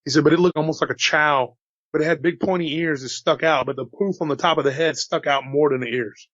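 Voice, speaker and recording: Slightly hoarse man, casual storyteller. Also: on the high side, fast, no echo, dull audio. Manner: relaxed, chatty, says "dude" and "you know". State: slightly hoarse after an illness. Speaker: storyteller relaying witness accounts.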